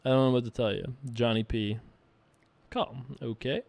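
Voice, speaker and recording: A man's voice: mid-range voice, fairly even intonation, moderate pace, creaky, darkish tone, dry recording. A man casually commentating his own online poker session, thinking aloud and joking at himself.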